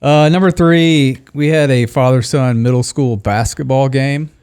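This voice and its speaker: A man's voice: medium pitch, fairly even intonation, unhurried, darkish tone, smooth, no echo. A man hosting a podcast, telling embarrassing stories in casual chat and laughing often. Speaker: podcast host.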